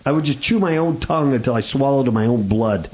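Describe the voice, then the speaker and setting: A man's voice: medium pitch, animated, fairly quick, darkish tone, poor audio. A man hosting a radio talk show, chatting casually in a sarcastic, mocking way. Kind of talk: casual chat.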